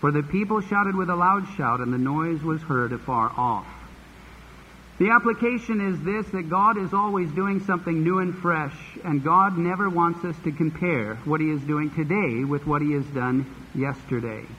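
A man's voice: on the high side, normal speed, a bit bright, muffled recording. Male pastor, Bible teaching sermon, faint hiss, long church-hall reverb. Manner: expository Bible teaching with folksy asides.

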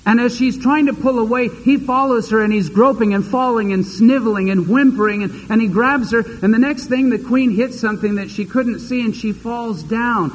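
A man's voice: very high voice, normal speed, few pauses, in a large hall, rough recording. A man preaching a sermon, retelling a scripture story dramatically and acting out the characters' voices.

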